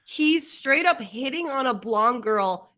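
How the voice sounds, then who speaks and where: A woman's voice: fairly high pitch, animated, takes it slowly, sharp tone. A woman chatting on a casual livestream, teasing with giggly amusement.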